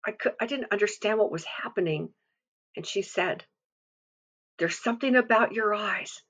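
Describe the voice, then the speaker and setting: A woman's voice: mid-range voice, moderate pace, fairly bright tone. A woman giving an earnest devotional testimony, telling a story and quoting scripture. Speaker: devotional speaker.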